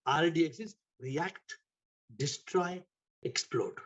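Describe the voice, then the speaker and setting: A man giving a spiritual talk, telling stories with emphatic repetition and sudden shifts in loudness. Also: a little high, slow pace, muffled recording. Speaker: spiritual teacher. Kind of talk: spiritual talk to an online audience.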